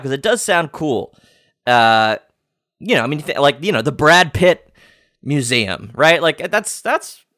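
A man's voice: medium pitch, sharp tone, no echo, clean studio sound. A man hosting a comedic sports-headline podcast, rambling and playfully clueless, with lots of fillers and restarts. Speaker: podcast host.

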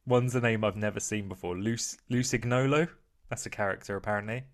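A man's voice: fairly low pitch, fairly even intonation, a little fast. A young man co-hosting a casual podcast, joking and reading bits aloud from a book. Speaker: podcast co-host. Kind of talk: casual chat.

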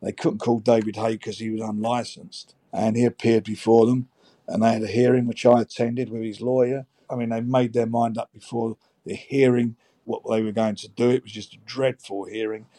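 Flat, mellow-voiced man recounting. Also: mid-range voice, normal speed, no echo. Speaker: boxing promoter. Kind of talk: documentary interview.

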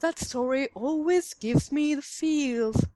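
A woman's voice: sits high, takes it slowly, warm tone, dry recording. A woman co-hosting a podcast who laughs often and reads listener emails aloud. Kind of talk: casual podcast chat, reading aloud.

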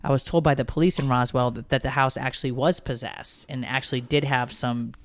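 A woman in her thirties co-hosting a casual chat, animated and blunt, swearing freely. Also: a bass voice, fairly quick, dry recording. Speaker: podcast co-host.

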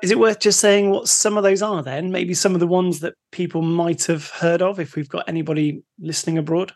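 A man's voice: high-pitched, steady tone, a little fast. A man co-hosting a podcast, chatting casually, steering the talk and asking the questions. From United Kingdom. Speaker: podcast co-host.

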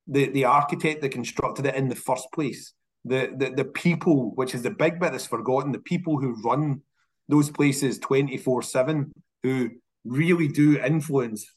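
Scottish man, casual interview guest, lively storyteller who doubles up words when he restarts. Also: mid-range voice. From Scotland. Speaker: whisky industry guest.

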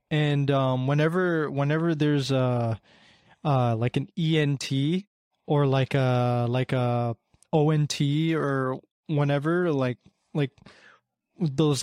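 A man's voice: medium pitch, a little mellow, no echo, studio quality. Rambling young man, casual chat. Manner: rambling, heavy with fillers.

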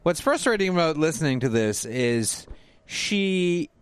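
A man and father, co-hosting a casual music podcast, blunt and quick to swear. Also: mid-range voice, lively intonation. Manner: blunt, swears a lot when annoyed. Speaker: podcast co-host. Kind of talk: casual music review chat.

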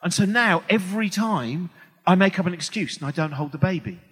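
A man's voice: high voice, animated, fairly quick, fairly bright tone, slightly rough, long reverb tail. A male English comedian talking to a live audience on stage, rambling and self-deprecating with many restarts. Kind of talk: stand-up style talk to a live audience.

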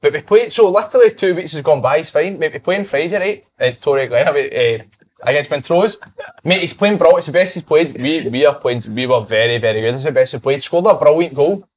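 A man's voice: a little high, brisk. Laughing Scottish man telling stories. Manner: animated storyteller, laughs through anecdotes. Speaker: football manager. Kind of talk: casual chat.

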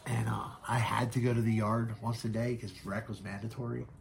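A man with a low, gravelly voice, speaking as a podcast guest. He tells his story candidly and haltingly, with plenty of fillers and frequent swearing. His tone stays rough and grounded throughout. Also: flat delivery, a little hiss or hum.

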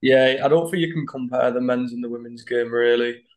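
A man co-hosting a casual football podcast who gives measured, matter-of-fact opinions. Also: medium pitch, fairly even intonation. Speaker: podcast co-host.

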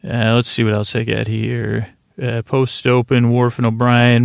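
A man talks through an episode in a relaxed, meandering recap, full of hesitations and restarts. His voice is gravelly and fairly monotone. The sound is close and dry. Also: mid-range voice, a little slow, no room sound. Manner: rambling, hesitant, lots of fillers. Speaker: podcast host.

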